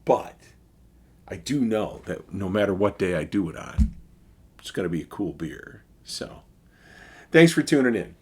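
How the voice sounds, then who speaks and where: A man's voice: low voice, unhurried, pauses often, breathy edge. A middle-aged man with a Chicago accent, chatting casually as he reviews a beer in his video. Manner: relaxed and chatty, with fillers and sighs.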